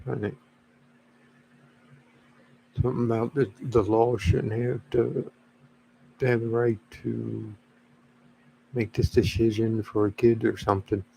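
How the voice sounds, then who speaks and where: A father talking casually to camera, halting and slow, with many fillers and pauses. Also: medium pitch, little pitch movement, creaky, mellow, slight background noise. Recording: dull lo-fi recording.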